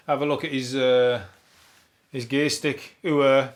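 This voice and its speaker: Rambling man, swearing deadpan. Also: mid-range voice, a little slow. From England. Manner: rambling, swearing, dry deadpan humour with chuckles. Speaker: podcast host. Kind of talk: solo comedy news podcast.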